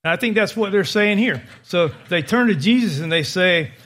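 A man's voice: high-pitched, animated, moderate pace, fairly bright tone. A male pastor preaching a sermon, telling the story vividly.

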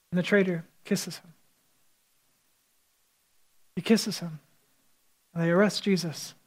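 A man's voice: sits high, steady tone, unhurried, long pauses, low-quality recording. A man preaching a sermon as a pastor, retelling scripture as vivid storytelling with quoted speech.

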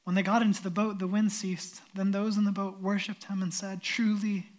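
A man's voice: sits high, little pitch movement, normal speed, a little mellow. A man preaching as pastor, reading scripture and retelling it in an earnest, emphatic storytelling way.

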